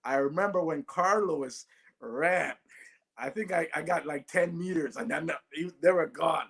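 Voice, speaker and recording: A man's voice: a little high, normal speed, vocal fry. A man, a guest telling stories in an interview and often adding "right?". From Jamaica. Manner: animated, often adds "right?". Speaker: guest, former Olympic sprinter. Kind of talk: storytelling in a podcast interview.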